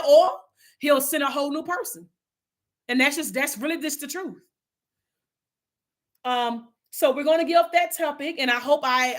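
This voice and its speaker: A woman's voice: sits high, fairly bright tone. A woman leading an online Bible study in a casual, heartfelt way, talking straight to her listeners and often restarting her sentences. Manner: heartfelt, earnest, addresses listeners as y'all; rambling with frequent restarts. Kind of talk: casual spiritual talk to viewers.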